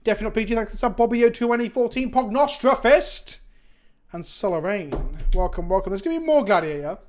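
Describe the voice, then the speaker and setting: Speaking to his stream viewers, a tired English man rambles and pokes fun at himself in casual chat, sluggish throughout. He has a high, animated voice that's a little mellow, and he talks fast.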